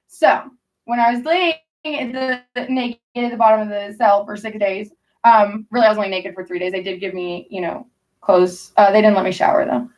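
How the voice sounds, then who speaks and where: A woman's voice: mid-range voice, steady tone, a little fast, far from the mic, muffled recording. A woman telling rambling, profane stories in casual chat with her stream audience. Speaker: livestreamer talking to chat.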